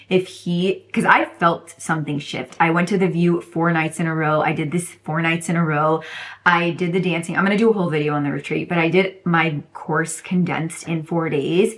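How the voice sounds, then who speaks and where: A young woman talking casually and effusively to camera about self-belief, rambling and repeating herself for emphasis. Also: sits low. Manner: gushing, rambling, emphatic repetition. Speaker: self-development course creator. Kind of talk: casual motivational vlog.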